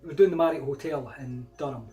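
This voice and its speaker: A man's voice: medium pitch, fast, dark tone, soft background music. A middle-aged Scottish man telling personal anecdotes in a casual, rambling way, growing emphatic when he replays old arguments. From Scotland. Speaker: vlogger.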